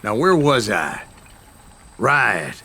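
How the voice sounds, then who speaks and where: An actor playing an older, boastful bounty hunter who narrates tall tales in a drawling video game voice. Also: male voice, fairly low pitch, very animated, extremely slow, sharp tone, full character voice. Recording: noisy game audio.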